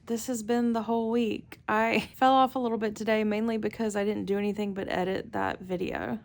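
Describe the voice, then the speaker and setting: A woman's voice: mid-range voice, expressive, brisk. A woman with a Southern US accent chatting playfully as a vlogger, laughing often. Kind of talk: casual chat.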